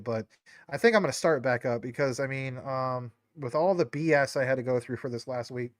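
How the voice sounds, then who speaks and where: A man's voice: medium pitch, a bit bright, dry recording, clean studio sound. A man hosting a live stream, talking in a rambling, casual way with lots of fillers, his nose a bit stuffy. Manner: rambling, many fillers and tangents. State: stuffy nose, a little choked up. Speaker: livestream host.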